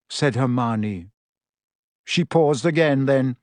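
A podcast co-host reading a novel passage aloud in a measured, expressive way. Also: medium pitch, no room sound.

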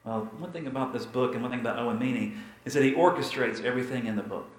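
A man pastor telling a story in a sermon, dramatic and repetitive, with emphatic pauses. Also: medium pitch, echoey room, rough recording.

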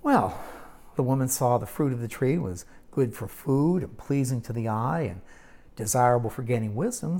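A woman teaching a Bible lesson in sermon style, storytelling with dramatic pauses and wry asides. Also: sits low, mellow.

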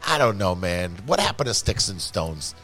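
A man's voice: deep voice, moderate pace, soft background music. A man talking casually and profanely, telling stories with lots of "you know what I mean" and acted-out quotes, as a regular of the show. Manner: profane, rambling, animated storytelling with acted quotes. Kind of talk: casual chat.

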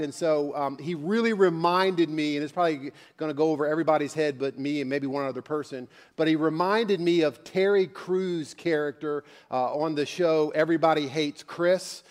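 A man's voice: fairly high pitch, moderate pace, few pauses. A man preaching a sermon as pastor, telling a personal story with many fillers and restarts.

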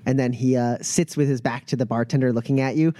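A man narrating a tabletop role-playing game as game master, halting with many filler sounds. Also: medium pitch, steady tone, warm tone, dry recording.

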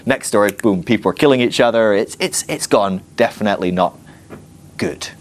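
A man teaching a Bible class in a playful, animated way, acting out little scenes with humor. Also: fairly low pitch, normal speed.

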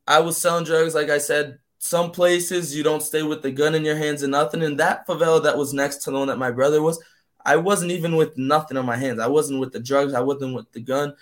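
A young man from Brazil, a native Portuguese speaker, telling his story in a casual interview, animated and full of "man" and "like". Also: fairly high pitch. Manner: animated, acts out voices in quotes, fills with "man" and "like". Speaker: guest.

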